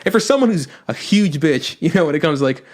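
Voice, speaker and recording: Fast-talking, swearing male podcast host. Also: on the high side. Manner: profane, animated retelling with acted-out quotes. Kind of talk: casual chat.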